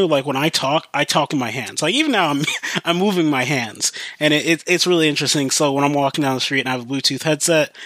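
A man's voice: fairly high pitch, a bit bright, no echo. A young man hosting a podcast, telling a long story in a casual, rambling way, full of fillers. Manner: rambling, heavy use of fillers like "like" and "you know". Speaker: podcast host.

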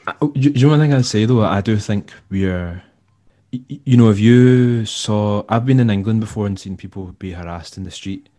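A Scottish man, a musician and tour manager, telling stories in a relaxed, rambling way and acting out the people he quotes. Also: fairly low pitch, normal speed. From Scotland. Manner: rambling, laid-back, acts out quoted dialogue. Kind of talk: casual storytelling interview.

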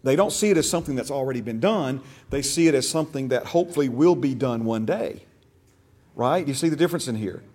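A man's voice: mid-range voice, lively intonation, quick pace, darkish tone, breathy edge. A man teaching a church discipleship class, stressing key words and asking the class questions. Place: church classroom, also streamed online.

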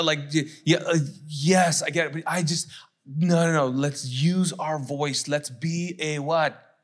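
A middle-aged man, a pastor, preaching a conversational sermon, repeating phrases for emphasis and acting out listeners' objections in quick asides. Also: fairly high pitch, fairly bright tone.

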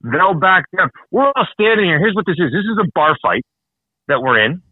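A man from Canada hosting a heated political talk show, ranting fast and swearing often. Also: high-pitched, sing-song, no room sound. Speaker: show host. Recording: dry, phone-like narrow sound.

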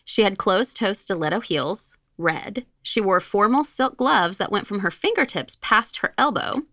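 Lively, bright-voiced woman reading a story. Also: medium pitch, normal speed, no echo, studio quality. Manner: giggly, animated storyteller. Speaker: podcast co-host reading a listener story. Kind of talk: casual chat and story reading.

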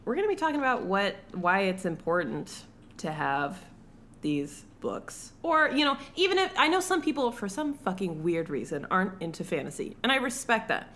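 A woman's voice: medium pitch, sing-song, moderate pace, fairly bright tone, slight background noise. A young adult woman co-hosting a casual podcast, giggly and goofy, swearing freely. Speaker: podcast co-host.

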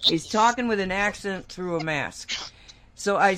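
Laughing frequently, this radio co-host spins a lengthy anecdote in relaxed chat. She has a mid-range voice with lively intonation, speaks a little slowly, and there is background noise.

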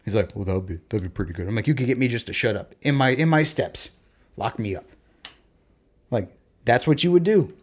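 A man in casual conversation, telling parenting stories and acting out talks with his kids in lively bursts. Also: mid-range voice, brisk, long pauses, slightly rough. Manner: animated storyteller, acts out talks with his kids. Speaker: podcast co-host, parent. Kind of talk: casual chat.

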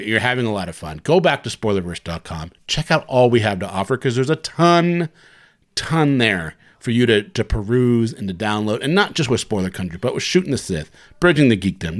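A man's voice: medium pitch, very animated, normal speed, a bit bright. A man hosting a podcast, chatting casually and teasing his co-host, laughing often. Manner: giggly, teasing banter.

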